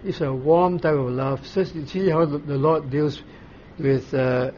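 A man preaching a sermon, explaining scripture slowly, pausing often and asking his listeners questions. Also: on the high side, steady tone, darkish tone, muffled recording, slight background noise. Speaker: pastor. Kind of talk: sermon, Bible teaching.

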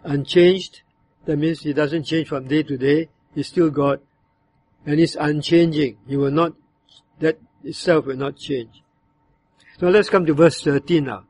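A man preaching a sermon, explaining a verse in a measured way and sometimes voicing other tones to show its meaning. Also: a little high, fairly even intonation, darkish tone, slight background noise. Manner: measured, explanatory, acts out bitter and demanding tones when quoting. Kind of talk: sermon on a psalm.

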